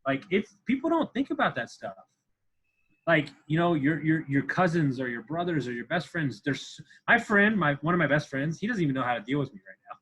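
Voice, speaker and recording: Fired-up guy in his 30s, husky, keeps repeating himself, swears. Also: on the high side, sing-song, brisk, fairly bright tone, rough recording. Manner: intense, profane, emphatic, repeats himself. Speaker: podcast guest. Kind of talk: candid interview talk.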